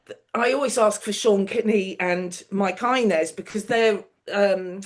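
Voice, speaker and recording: A woman's voice: medium pitch, a little slow. A middle-aged woman, a television producer on as a guest, telling anecdotes in a casual chat, laughing often and acting out the people she quotes.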